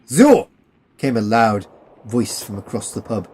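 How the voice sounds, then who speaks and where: Man, audiobook narrator, low voice, steady reading, faint hiss. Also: moderate pace, rough recording. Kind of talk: storybook narration.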